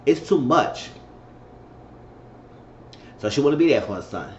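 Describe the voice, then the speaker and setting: A man talks through a TV episode in a loose, chatty way, repeating points as he goes and now and then slipping into a high falsetto to act out the characters. The recording is somewhat muffled and roomy, with faint hiss underneath. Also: very animated, measured pace. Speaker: TV episode reviewer. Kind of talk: casual episode recap.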